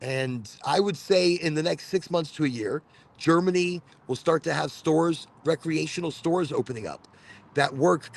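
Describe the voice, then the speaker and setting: A man hosts a live cannabis podcast from Florida, rambling casually through stories and often repeating words. His voice is a little high and creaky, at a moderate pace, in a laid-back livestream chat.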